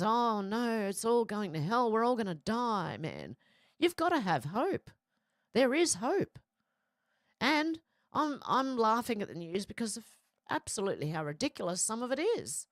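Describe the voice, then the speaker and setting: A woman's voice: mid-range voice, no room sound, clean studio sound. A middle-aged woman hosting a casual live chat, reading viewer comments aloud and reacting with frequent laughs. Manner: chatty, laughs often, reads comments aloud.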